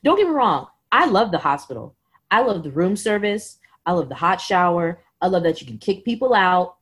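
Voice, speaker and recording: This podcast guest, a woman in her thirties, talks at a normal speed in a lowish voice with a breathy edge. Telling a personal story casually, she's lively, acts out what people told her, and fills her speech with "like."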